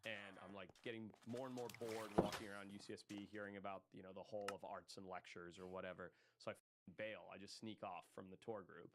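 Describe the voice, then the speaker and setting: A man's voice: on the low side, fairly even intonation, brisk, few pauses, very noisy. A man from Zimbabwe, a podcast guest telling a rambling story in a casual way, swearing freely and using lots of fillers. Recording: loud music under the voice.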